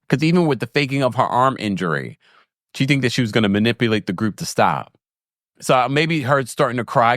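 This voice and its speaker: A man chatting through a recap with a lively, swooping voice and a middling pitch. He laughs and restarts his sentences. The sound is dry and close. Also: no echo. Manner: chatty, animated, with laughs and self-corrections. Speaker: show host recapping a reality series. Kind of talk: casual live recap chat.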